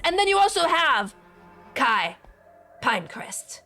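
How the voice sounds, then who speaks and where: A woman playing a tabletop game, excitable and theatrical. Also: on the high side, a little slow, soft background music. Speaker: player.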